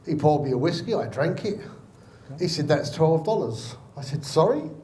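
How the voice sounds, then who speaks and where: A male comedian telling a stand-up anecdote, acting out the dialogue in a deadpan way. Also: a little high, normal speed, slight background noise. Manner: deadpan storyteller, acts out dialogue. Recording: echoey room.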